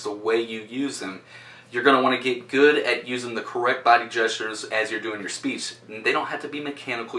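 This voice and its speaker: Guy teaching presentation skills, crisp bright voice, direct and punchy, sounds a bit off-mic in an echoey room. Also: medium pitch. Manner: direct, shifts loudness for emphasis. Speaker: presentation coach. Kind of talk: instructional talk to camera. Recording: roomy sound from a distance.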